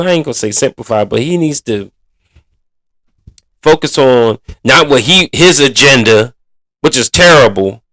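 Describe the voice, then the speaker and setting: A man's voice: medium pitch, fairly bright tone, no room sound. A man hosting a sports podcast in a casual, blunt and exasperated manner, full of colloquial slang. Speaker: podcast host.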